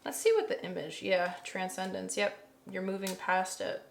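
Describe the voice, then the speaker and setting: A woman's voice: mid-range voice, level tone, moderate pace, vocal fry. Chatty woman reading tarot, echoey room. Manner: chatty, thinks aloud, gushing bursts. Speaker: tarot reader. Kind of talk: casual tarot reading to camera. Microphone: camera mic.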